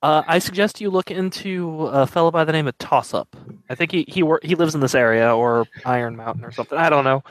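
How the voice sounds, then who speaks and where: A man running a tabletop role-playing game as game master, halting and full of fillers, with a wry tone. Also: a little high, no room sound.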